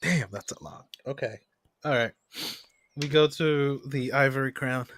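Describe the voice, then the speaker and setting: A man playing a tabletop game, talking casually with quick reactions and some swearing. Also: mid-range voice, fairly bright tone, a little hiss or hum. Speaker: player.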